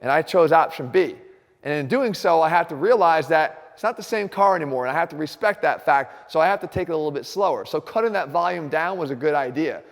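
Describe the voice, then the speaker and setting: Brief: direct, energetic male coach, slightly high voice, long echo from the gym. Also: quick pace. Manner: direct, energetic, talks straight to viewers. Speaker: fitness coach host. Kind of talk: instructional fitness video. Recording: reverberant gym room.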